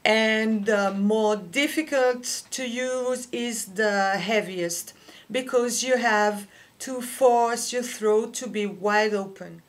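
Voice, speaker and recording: Slow-spoken French-speaking woman teaching singing. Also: a little high. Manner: slow, careful explaining with fillers. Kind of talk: vocal lesson with sung demonstrations.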